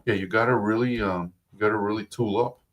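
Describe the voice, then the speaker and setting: A man's voice: on the low side, steady tone, quick pace. A man from outside the US speaking as a podcast guest, hesitant, restarting his sentences as he thinks. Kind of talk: casual podcast chat.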